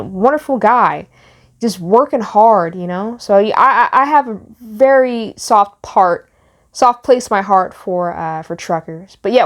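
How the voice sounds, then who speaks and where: Emotional young woman vlogger. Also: medium pitch. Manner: emotional, rambling with restarts. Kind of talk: casual commentary.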